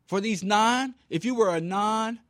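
A man's voice: sits high, normal speed, a bit bright, no echo, clean studio sound. A man from Kansas City giving an impassioned talk, emphatic and preachy, with rhetorical questions. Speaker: speaker.

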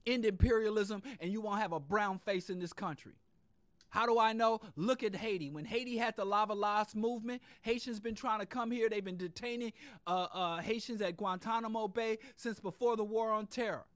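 A man delivering an impassioned political monologue, fiery and profane, hammering points in repetitive lists and dropping into low muttered asides. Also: normal speed, dry recording. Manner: swings between loud outbursts and low muttered asides. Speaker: podcast host.

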